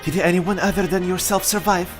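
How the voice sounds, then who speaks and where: A gentle young princess who speaks softly and earnestly, as a man voices her. The voice is pushed up high. Game music is clearly audible behind her. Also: steady tone, fairly quick, close to an everyday voice. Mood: relieved.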